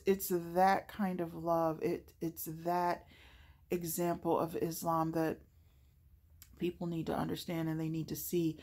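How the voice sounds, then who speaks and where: A woman's voice: fairly low pitch, darkish tone. Heartfelt woman telling her faith story. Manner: earnest, heartfelt, with frequent fillers. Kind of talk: personal testimony.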